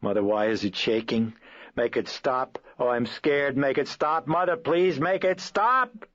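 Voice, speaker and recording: A man's voice: medium pitch, a little slow, fairly bright tone, dry recording, muffled recording, pitched above the performer's own voice, natural voice. A man voicing a terrified young girl crying out for her mother in a horror audiobook. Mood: panicked. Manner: pleading and panicked cries.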